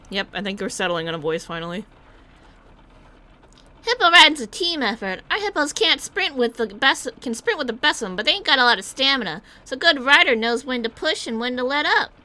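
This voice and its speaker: A woman doing a high, bouncy tough-guy cart driver. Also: bright, forceful tone, exaggerated voice. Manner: folksy, drawling tough-guy talk. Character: boisterous male cart-driving gang member. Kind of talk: reading game dialogue aloud.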